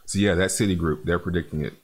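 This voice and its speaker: A man's voice: sits low, steady tone, fast talker. A man hosting a casual crypto livestream, reading viewer comments in a laid-back, chatty way and calling viewers man and bro.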